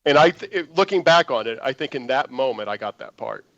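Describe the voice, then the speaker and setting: Animated male actor telling a story. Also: medium pitch, brisk, creaky, no room sound, dull audio. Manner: animated anecdotal storyteller, acts out quoted lines. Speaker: actor guest. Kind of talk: storytelling interview.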